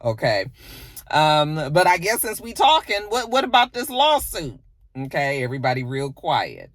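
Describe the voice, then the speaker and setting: A man's voice: on the high side, sing-song, normal speed, a bit bright, no echo, clean studio sound. Chatty man recapping with sass. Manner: chatty, sassy retelling with acted-out quotes. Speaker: reality TV recap host. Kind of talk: casual recap monologue.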